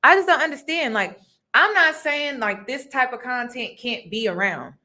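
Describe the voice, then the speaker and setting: Brief: higher-voiced woman, casual vlog host, emphatic and repetitive, talks straight to viewers. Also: expressive, moderate pace, pushed and bright. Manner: chatty and emphatic, repeats points, addresses viewers as y'all. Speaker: reaction video host. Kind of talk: casual commentary on a reality show.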